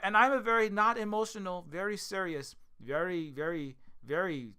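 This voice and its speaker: A man's voice: high-pitched, moderate pace, pushed and bright, clean tone, voice pushed up. A man mocking a smug sneering male villain. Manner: sneering, exaggerated mockery.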